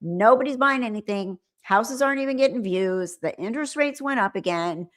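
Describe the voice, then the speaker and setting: A woman's voice: on the high side, animated, moderate pace, a bit bright. A middle-aged woman from California, chatting casually and rambling as host of a live stream, with frequent laughs. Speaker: livestream host.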